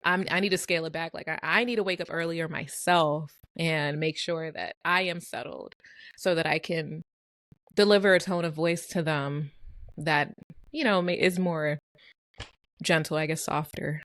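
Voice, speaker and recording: A woman's voice: low voice, steady tone, moderate pace, a bit bright. A woman and mother co-hosting a casual podcast chat, telling family stories in a reflective way. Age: young adult to middle-aged, a mother. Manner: reflective, tells stories with little laughs. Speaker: podcast co-host.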